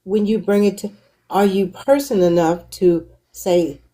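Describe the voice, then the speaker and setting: A woman hosting a talk show, telling her own stories in a slow, reflective way. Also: medium pitch, fairly even intonation, dark tone, rough recording. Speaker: host. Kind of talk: casual conversation.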